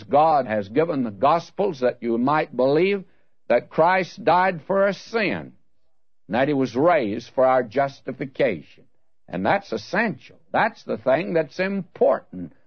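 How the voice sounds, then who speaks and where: A man's voice: mid-range voice, big pitch swings, a little slow, dry recording. A man teaching through the Bible in an earnest, direct way, speaking to the listener as "my friend.". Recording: dull dry lo-fi recording.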